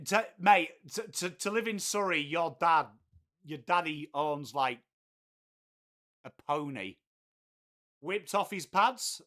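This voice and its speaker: A man's voice: on the high side, takes it slowly, pauses often, fairly bright tone. A man hosting a live cricket watchalong, chatting crudely with his chat and trading banter. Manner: crude, banter-heavy, reads chat aloud. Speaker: live stream host. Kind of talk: casual cricket watchalong commentary.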